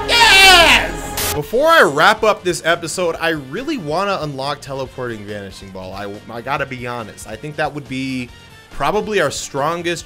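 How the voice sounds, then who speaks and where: Animated young man commentating a game. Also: fairly high pitch. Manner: animated, joking, slangy. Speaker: gaming YouTuber. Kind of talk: casual gameplay commentary. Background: game music.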